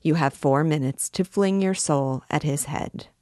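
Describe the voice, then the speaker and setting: A woman's voice: sits low, a little slow, mellow, no echo, clean studio sound. A woman reading as a haughty, savage beggar king. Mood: mocking. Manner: mocking, menacing.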